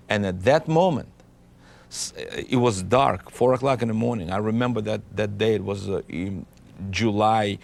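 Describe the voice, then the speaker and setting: A man with a low, gravelly voice tells his story in an interview. He speaks earnestly and haltingly, circling back and restarting his sentences as he goes. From Ukraine. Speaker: interviewee giving a testimony. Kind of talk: personal testimony interview.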